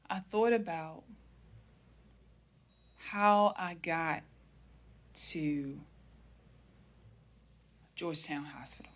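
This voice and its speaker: Slow, soft-spoken woman telling her story. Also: low-pitched. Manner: slow, reflective, addresses viewers as family. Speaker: wellness channel host. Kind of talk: personal storytelling vlog.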